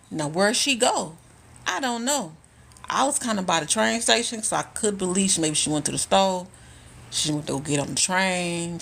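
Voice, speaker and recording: Woman, gravelly voice, lowish pitch, blunt and profane, casual phone live stream. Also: a bit bright. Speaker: spiritual content creator. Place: indoors at home on a live stream.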